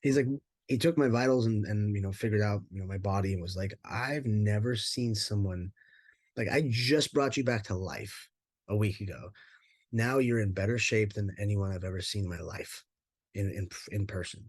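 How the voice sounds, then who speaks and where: Speaking at a moderate pace in a lowish register, this former professional fighter recounts his life as an interview guest. The recording has no echo, and his talk wanders openly, packed with filler words and offhand cursing.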